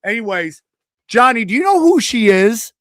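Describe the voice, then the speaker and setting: High-pitched, animated male storyteller. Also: moderate pace, no room sound, clean studio sound. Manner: animated, acts out quotes in changing voices; profane, rambling with restarts. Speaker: podcast host. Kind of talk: casual storytelling chat.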